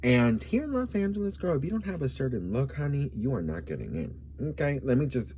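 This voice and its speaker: Sassy, animated man from Miami telling stories. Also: mid-range voice, fairly quick, hardly any pauses, slight background noise. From Colombian, from Miami. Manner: sassy, campy, animated, calls the viewer "girl" and "bitch". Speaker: vlogger. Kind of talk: casual storytelling vlog.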